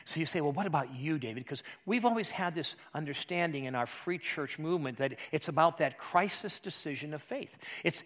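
Animated preaching man with a bright voice. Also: on the high side, brisk, few pauses. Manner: storytelling, swinging from quiet asides to loud emphatic peaks; conversational, with repeated "and" restarts. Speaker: pastor. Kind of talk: sermon.

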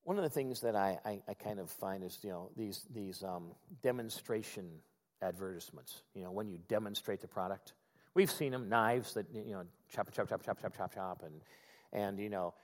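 A man preaching a sermon, swinging between loud emphatic passages and quiet conversational asides. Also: mid-range voice, in a large hall. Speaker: pastor.

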